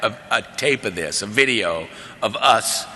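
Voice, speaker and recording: A man speaking at a convention, telling his recovery story in a lively, conversational way, peppering his talk with "man" and "right?". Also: lowish voice, measured pace. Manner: animated, conversational, drawling asides of "man" and "right?". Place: large convention hall. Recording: long hall reverb.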